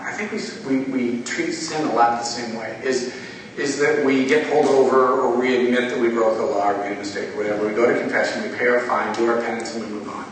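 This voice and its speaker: A man preaching a conversational sermon, moving between casual storytelling, impassioned pleas and quiet prayer. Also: medium pitch, background noise. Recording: echoey hall, distant mic, faint ambience.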